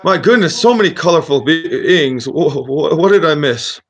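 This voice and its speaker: A man voicing a loopy, overly friendly old male wizard in a high, doddering voice. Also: animated, normal speed. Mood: loopy, delighted.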